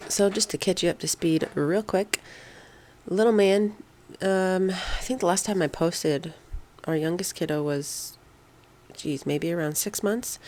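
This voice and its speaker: A woman with a deep, froggy early-morning voice narrates a casual vlog voiceover from home. She keeps her talk hushed and quiet so the sleeping family stays asleep, chatting easily as a stay-at-home mom. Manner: talking quietly so as not to wake the house.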